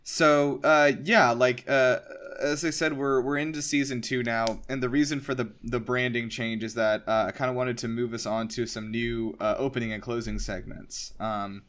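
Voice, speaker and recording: A man's voice: medium pitch, steady tone, normal speed, hardly any pauses, fairly bright tone. Rambling man hosting a casual chat. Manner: rambling, filler-heavy, joking. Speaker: podcast host.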